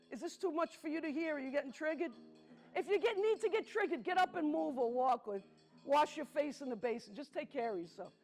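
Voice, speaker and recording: A middle-aged woman from the Bronx, telling stories on a theatre stage and talking straight to the audience, slowing down for emphasis. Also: high voice. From the Bronx, New York. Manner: conversational, talks directly to the audience, slows for emphasis. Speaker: solo stage performer. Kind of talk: theatrical storytelling to a live audience.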